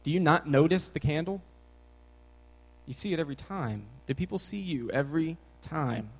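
A man's voice: fairly high pitch, moderate pace, low-quality recording. A young man giving a casual, jokey sermon to teenagers as a youth pastor, talking with energy. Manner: energetic, jokey, bouncing around.

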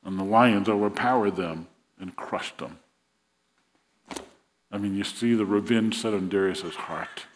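A man's voice: on the low side, measured pace, long pauses. Man preaching in a reverberant hall. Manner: storytelling preacher, voices the king's lines with rising emphasis. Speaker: pastor. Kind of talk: sermon.

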